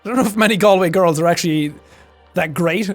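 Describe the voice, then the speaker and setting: A man's voice: high-pitched, soft background music. An Irish man streaming live, chatting casually and ranting with swearing and laughter. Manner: profane, ranting, quick to laugh.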